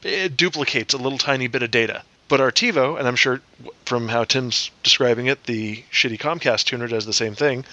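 A man's voice: medium pitch, pushed and bright, no room sound, lo-fi sound. A man co-hosting a podcast in casual chat, explaining and dropping wry quips. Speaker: podcast co-host.

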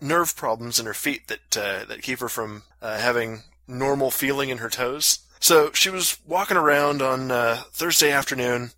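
Rambling man telling a story, bright tone. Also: mid-range voice, normal speed, hardly any pauses, no room sound. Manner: rambling, lots of fillers, crude jokes. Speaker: podcast co-host. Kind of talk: casual storytelling chat.

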